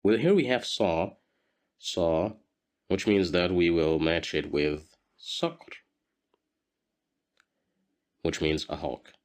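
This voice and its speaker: A man's voice: deep voice, slow pace, long pauses. A man teaching a beginner language lesson, patiently repeating each word for learners to copy.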